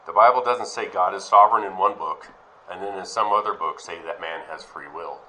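A man's voice: sits low, brisk, bright, forceful tone, rough recording. A man teaching a sermon, reading Bible passages aloud and then questioning and explaining them.

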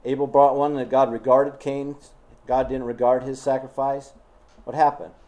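A man's voice: medium pitch, level tone, moderate pace, a little mellow. A man preaching a sermon in an emphatic, scolding way, full of rhetorical questions.

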